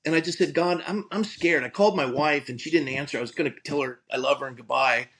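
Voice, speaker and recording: A man's voice: mid-range voice, fast talker, a bit bright, low-quality recording. A middle-aged man, a pastor, telling a personal story in an earnest, conversational way, often restarting his sentences. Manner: earnest, frequent restarts and stammered repeats.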